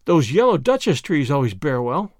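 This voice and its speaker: A man's voice: a little high, very animated, normal speed, no echo. A man voicing a stern, practical older woman with a dry, sarcastic manner in a storybook reading.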